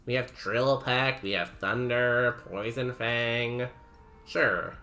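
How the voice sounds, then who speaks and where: Chatty young man with a bright voice. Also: medium pitch, steady tone, slow, soft background music. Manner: laughs often, chatty, says "like" a lot. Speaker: streamer. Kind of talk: casual chat while playing a game.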